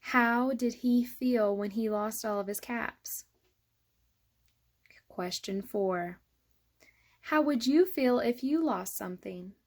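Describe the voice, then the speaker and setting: A preschool teacher with a slightly high voice reads a storybook aloud to young children, slowly and expressively, then asks them soft, gentle questions. No room sound is audible.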